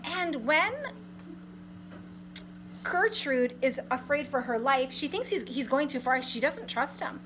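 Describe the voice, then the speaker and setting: A woman's voice: sits high, animated, measured pace, pauses often, background noise. A woman English teacher giving a literature lesson, reading lines aloud and explaining them in plain modern paraphrase.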